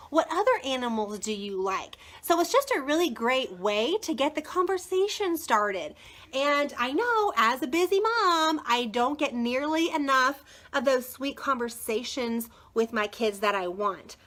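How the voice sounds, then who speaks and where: A bubbly woman in her thirties chats through a live book showcase and greets viewers by name as she goes. Her voice sits high and bounces all over the place. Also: a bit bright. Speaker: book seller hosting a live video. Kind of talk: chatty live product showcase.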